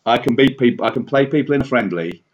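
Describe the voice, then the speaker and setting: A man's voice: medium pitch, expressive, fast talker, slight background noise. A man chatting casually and self-deprecatingly about his league standings, rambling with many fillers. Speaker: league player reviewing standings. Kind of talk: casual podcast chat. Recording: dull lo-fi audio.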